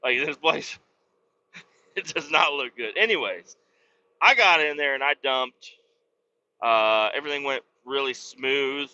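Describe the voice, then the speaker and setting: Profane rambling trucker man, sharp voice. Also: medium pitch, lively intonation, unhurried, long pauses. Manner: profane, self-mocking storytelling. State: slightly wheezy. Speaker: truck driver and podcast host. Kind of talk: casual rambling monologue. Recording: slightly dull lo-fi sound.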